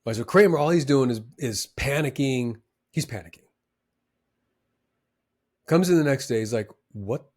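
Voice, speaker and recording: A man speaking at an ordinary middle pitch in a loose, conversational talk. He tells his stories with animated emphasis and lots of ums and uhs. His delivery sounds like a motivational talk with an advisor's tone. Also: moderate pace, pauses often. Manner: animated, emphatic storyteller with many fillers. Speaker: former trader giving advice.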